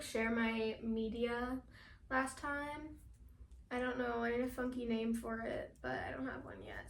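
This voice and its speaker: A teenage girl vlogging in a casual, chatty way, talking fast with lots of fillers and laughing often. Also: on the high side, reverberant. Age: teens. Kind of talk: casual chat.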